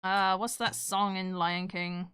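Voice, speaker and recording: Bright-voiced chatty woman streamer. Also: mid-range voice, flat delivery, takes it slowly, clean tone, dry recording, studio quality. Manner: chatty and self-deprecating, reacting to chat. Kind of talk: casual live-stream chat.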